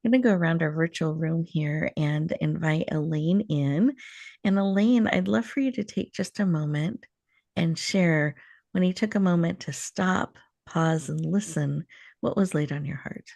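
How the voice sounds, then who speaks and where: Host, female, low gravelly voice, soothing and encouraging meditation guide, dry recording. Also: moderate pace, a little mellow, dry recording. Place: virtual room, remote call.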